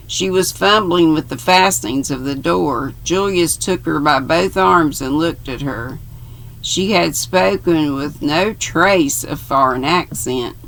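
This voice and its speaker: Slow, gravelly older woman reading aloud. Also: low-pitched, a bit bright. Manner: unhurried, stops to correct herself. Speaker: reader.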